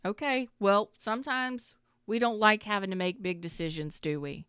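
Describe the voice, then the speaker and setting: Candid, swearing woman with a crisp voice. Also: medium pitch, normal speed, a bit bright, dry recording, studio quality. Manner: candid, swears freely, rambling asides. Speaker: tarot reader. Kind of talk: casual storytelling to viewers.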